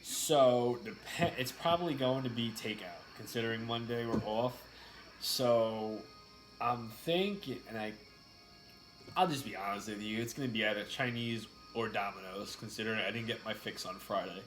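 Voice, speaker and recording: A man's voice: fairly low pitch, normal speed, soft background music, rough recording. A man in his thirties chatting casually to viewers on a home vlog in a plain, laid-back way. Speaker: vlog co-host. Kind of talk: casual chat.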